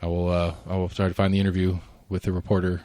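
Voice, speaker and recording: A man's voice: deep voice, completely flat delivery, quick pace, dark tone, dry recording. A man co-hosting a casual current-affairs podcast, rambling with lots of fillers and restarts and the odd swear word. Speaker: podcast co-host.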